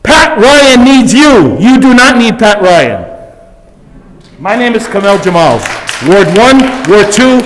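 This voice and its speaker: Guy at the council mic, high voice, fired-up public comment, echoey hall. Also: big pitch swings, slight background noise. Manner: starts quiet and measured, then shouting and accusatory. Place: council chamber.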